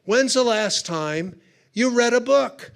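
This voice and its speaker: A man giving a humorous storytelling talk at a conference. His voice sits high for a man, with a gravelly, creaky texture. He talks in a chatty way, full of quick asides. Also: animated, a bit bright. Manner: chatty, conversational, punchy asides. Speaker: conference speaker. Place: conference hall.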